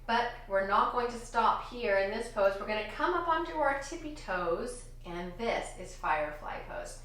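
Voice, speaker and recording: A woman teaching a children's yoga class, giving gentle, encouraging cues in time with slow breaths. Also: a little high, expressive. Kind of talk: guided kids yoga lesson. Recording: echoey room, distant from mic.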